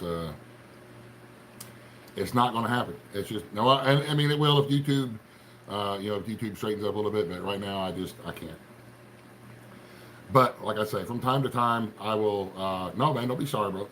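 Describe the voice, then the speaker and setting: A middle-aged man from Appalachian Ohio, speaking with an Appalachian accent, rambles folksily on a livestream and calls out viewers by name. His voice sits on the low side yet sounds fairly bright, and a little hiss or hum runs underneath.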